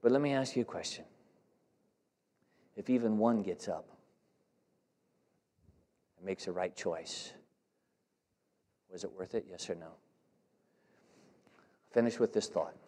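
A man's voice: on the low side, slow, pauses often, warm tone. A man preaching a sermon, emphatic and conversational, putting direct questions to his congregation. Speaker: pastor.

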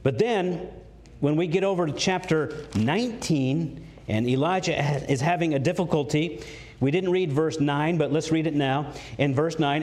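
A male pastor preaching with an emphatic, swinging delivery, his fairly high voice jumping up on questions and dropping low for weight. He drifts on and off the mic at times. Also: animated, normal speed, a little mellow. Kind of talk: sermon.

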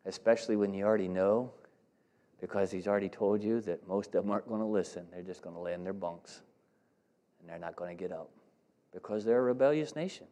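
A pastor with a fairly low, dark-toned voice preaches a sermon at a brisk pace. He's emphatic yet conversational, asking his congregation direct questions.

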